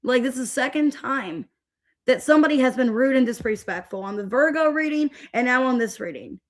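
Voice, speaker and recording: A woman's voice: high voice, animated, fairly quick. A young adult woman hosting a tarot livestream, upset and fed up, venting to her viewers with many restarts. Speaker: tarot reader livestream host.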